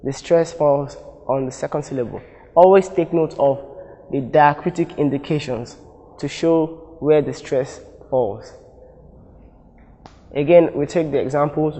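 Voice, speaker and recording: Slow Nigerian man teaching in an echoing hall. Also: a little high, mellow. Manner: deliberate, repeats example words in pronunciation drills, corrects himself. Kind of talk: recorded exam-prep lesson.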